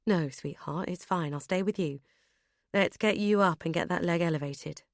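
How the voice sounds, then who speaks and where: A woman's voice: on the low side, normal speed, no echo, close to an everyday voice. Woman playing a husband, impatient then tender, light audiobook character voice, dry studio sound. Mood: caring. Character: impatient, fussing husband, grown man.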